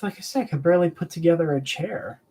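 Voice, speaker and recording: On a collectibles live stream, the host jokes around and rambles through answers to viewer chat. His voice is slightly high and mellow, and he talks fast.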